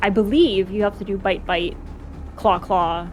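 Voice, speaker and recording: A woman's voice: mid-range voice, fairly even intonation, measured pace, soft background music. A young adult woman acting as dungeon master, narrating combat and explaining rules while thinking aloud. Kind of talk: running a tabletop game.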